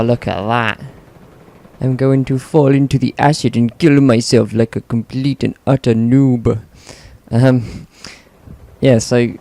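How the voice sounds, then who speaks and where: A man talks casually over his game footage, rambling and correcting himself as he goes. His voice is low-toned and gravelly, with a mellow, dark color. A faint background hiss runs underneath. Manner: rambling, lots of ums and self-corrections. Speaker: gaming commentator.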